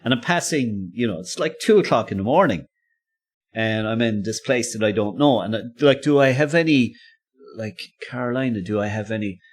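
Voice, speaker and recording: A man's voice: lowish voice, animated, normal speed. A man and podcast co-host, telling a personal story casually, rambling and self-interrupting with frequent laughs.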